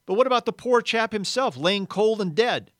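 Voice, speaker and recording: A man's voice: high voice, lively intonation, moderate pace, no room sound, pitched above the performer's own voice. A blustering ghost of a middle-aged man rants in a raised, strained voice, sure he has been wronged, as a man reads him aloud. It is a storybook reading with a dry, close sound. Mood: indignant. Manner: aggrieved, self-righteous, loud.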